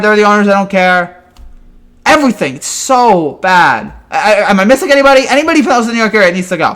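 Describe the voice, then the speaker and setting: A man's voice: sits high, animated, fast, fairly bright tone. A man in a fan reaction rant, exasperated and ranting with frequent stammered restarts. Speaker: sports fan commentator.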